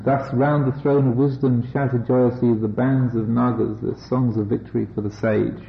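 A Buddhist teacher reading an old scripture story aloud and breaking off for amused, joking comments. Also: male voice, medium pitch, fairly even intonation, moderate pace, vocal fry, few pauses. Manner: wry and amused, breaking off for jokes. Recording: echoey, slightly dull room recording.

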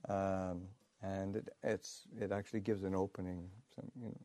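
A Buddhist monk, a man, telling a teaching story in a halting way, full of fillers and restarts, with soft chuckles. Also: low voice, level tone, no echo. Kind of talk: storytelling dharma talk.

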